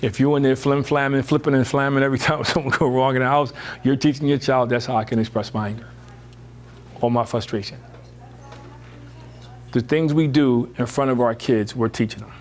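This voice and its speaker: A man giving a lively motivational talk to parents, full of rhetorical questions and "you know.". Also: brisk. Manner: lively, emphatic, rising high when animated. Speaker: speaker on parenting.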